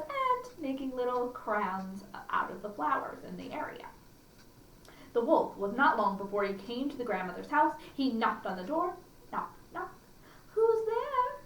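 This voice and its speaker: A woman hosting a library storytime, chatting and reading a fairy tale aloud with fillers and restarts. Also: on the high side. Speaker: children's librarian. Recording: roomy echo, distant mic, faint hum.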